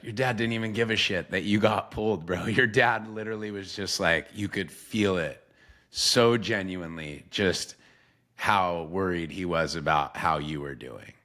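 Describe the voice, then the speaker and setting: A man's voice: low-pitched, normal speed, bright, forceful tone. A young man hosting a sports podcast, talking earnestly with casual swearing and lots of "bro" and "like". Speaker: podcast host and former quarterback coach. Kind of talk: emotional interview conversation.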